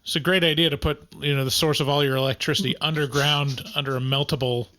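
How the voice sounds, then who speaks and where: A man's voice: fairly high pitch, fairly even intonation, quick pace, pushed and bright. A man hosting a podcast in casual chat, making dry sarcastic asides and acting out sound effects. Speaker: podcast host.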